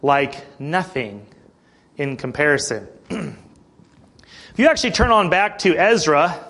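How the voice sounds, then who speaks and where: A man preaching a sermon who reads scripture aloud, explains it in plain everyday words, often clears his throat and checks in with his listeners. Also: a little high, animated, measured pace, fairly bright tone. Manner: checks in with listeners, "Okay?" and "Amen?".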